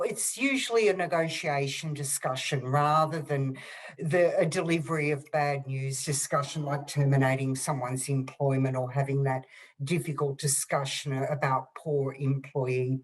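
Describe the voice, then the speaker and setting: An Australian woman with a low voice explains on a webinar panel. She pauses on fillers as she works through her points. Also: fairly even intonation, poor audio. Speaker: panelist on conflict resolution. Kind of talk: webinar discussion.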